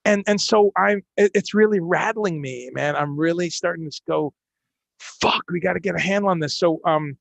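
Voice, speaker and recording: A male host chatting casually on a live stream, animated and full of restarts. His voice is a little higher than most men's, with a gravelly fry, and the sound is close and dry. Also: no room sound. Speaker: podcast host. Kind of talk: casual interview chat.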